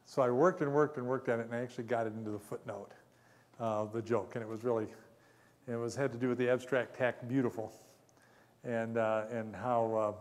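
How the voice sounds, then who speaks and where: A man lecturing at a conference, his voice sitting at an everyday middle pitch. He rambles through stories, chuckles often and pokes fun at himself, with a long hall reverb behind every word. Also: darkish tone.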